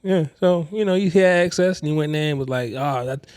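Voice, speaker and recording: A man's voice: on the high side, a little fast, darkish tone, clean tone, no room sound, studio quality. A man co-hosting a podcast, bantering in an easygoing, slangy way. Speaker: podcast co-host. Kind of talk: casual chat.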